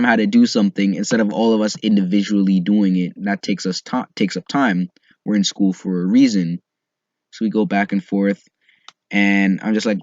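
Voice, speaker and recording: A teenage boy with a lowish voice rambles through a casual storytime, packing his talk with fillers and offhand swearing. The recording is dry, with a dull, slightly lo-fi sound. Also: no room sound. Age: teens. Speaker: vlogger.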